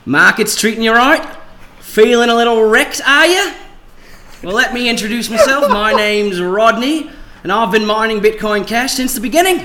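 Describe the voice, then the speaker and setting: Casting: man doing a blokey, boastful Australian miner, bright animated voice with big swoops. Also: extremely high pitch, moderate pace, slight background noise, heavily acted. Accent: Australian, put on.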